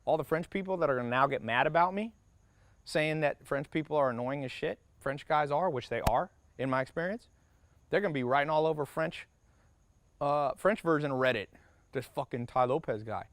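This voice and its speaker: A man's voice: on the high side, fairly bright tone, no room sound. Brash, profane motivational man. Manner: brash and profane, punchy short sentences; acts out quoted people in quick asides. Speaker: business mentor. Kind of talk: motivational workshop talk.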